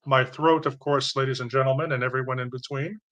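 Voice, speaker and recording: A man's voice: medium pitch, moderate pace, fairly bright tone. A man with a Canadian accent, hosting a live stream and explaining a topic in a rambling, unscripted way with many fillers and restarts.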